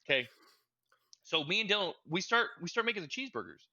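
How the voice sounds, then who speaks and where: A young man co-hosting a casual gaming podcast, telling stories in an animated, stammering way and getting loud when excited. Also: fast, muffled recording. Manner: animated storytelling, gets loud and high when reliving frustration. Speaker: podcast co-host. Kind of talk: casual chat.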